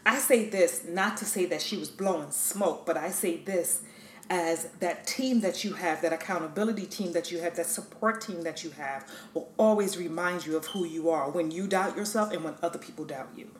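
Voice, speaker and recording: A woman's voice: lowish voice, a little hiss or hum. A woman hosting a podcast, speaking emphatically and encouragingly straight to the listener. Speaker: podcast host. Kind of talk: motivational talk. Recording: echoey room.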